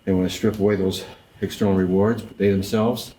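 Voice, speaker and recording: A man speaking thoughtfully in an interview, measured and pausing often with fillers. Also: low voice, level tone, mellow, a little hiss or hum, poor audio. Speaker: interviewee in documentary footage. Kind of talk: reflective interview talk.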